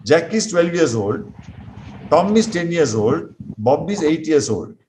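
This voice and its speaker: Male English teacher, somewhat high voice, patient, slow and repetitive drilling. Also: very animated, background noise. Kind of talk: classroom grammar lesson.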